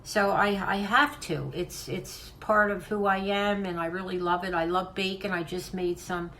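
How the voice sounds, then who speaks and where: An older woman talks to her viewers at home in a heartfelt, rambling way, often stopping to restart a sentence. Her pitch is average, and a faint hum runs under the voice. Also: fairly even intonation, normal speed, fairly bright tone, rough recording. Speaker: craft channel host. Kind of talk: casual vlog talk to viewers.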